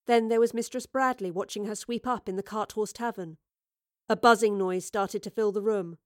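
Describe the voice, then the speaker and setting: A woman giving scripted audiobook narration of a story in a measured, vivid storytelling manner. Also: medium pitch, steady tone, dry recording, studio quality.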